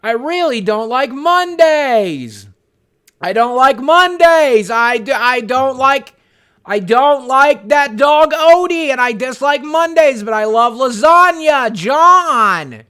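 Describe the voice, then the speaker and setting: A man voicing a lazy, grumpy male cartoon cat who drawls slowly and demands food. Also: extremely high pitch, expressive, sharp tone, smooth, pitched above the performer's own voice, heavily acted. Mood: demanding.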